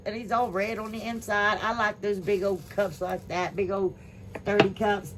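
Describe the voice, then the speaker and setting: A woman with an Ohio accent hosts her home DIY channel in a casual, gushing chat. She talks to viewers with lots of ums and likes, at a middling pitch. A faint hum of room noise sits behind her. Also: lively intonation, normal speed, pushed and bright. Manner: chatty and gushing, many fillers.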